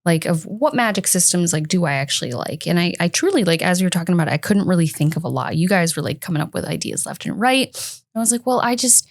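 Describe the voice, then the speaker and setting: A woman with a slightly low voice and a dry, close-up sound, talking in casual podcast chat. She is thoughtful and hesitant, pausing to search for the right words. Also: expressive, vocal fry, dry recording. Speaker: podcast co-host.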